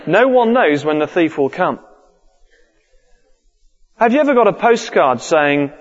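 A man's voice: on the high side, sing-song, moderate pace. A man preaching a sermon earnestly, repeating his key points. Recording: dull lo-fi recording with long hall reverb.

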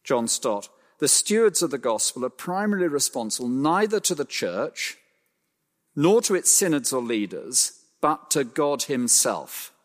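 Guy preaching a sermon in a big echoey church, mid pitch, leans hard on key words. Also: very animated. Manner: emphatic, with slow stressed phrases and wide pitch swings. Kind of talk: expository sermon.

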